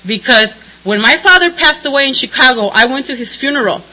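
A middle-aged woman tells her own story at a recovery meeting, frank and unfiltered. Her voice sits high and has a sharp, bright edge. She swings between a low, somber tone and open laughter. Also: lively intonation, a little fast, low-quality recording. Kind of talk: personal testimony at a recovery meeting.

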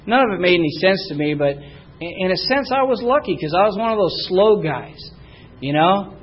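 A middle-aged man giving personal testimony at a recovery meeting, halting and repeating himself, and getting louder when he stresses a point. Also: high voice, expressive, breathy edge, lo-fi sound. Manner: halting, repeats words, rises in volume when emphatic.

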